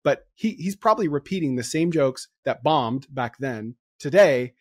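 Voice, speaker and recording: Excitable male podcast host, dry sound. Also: mid-range voice, slightly rough, no room sound. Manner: excitable, laughs easily, rapid riffing. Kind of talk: casual chat.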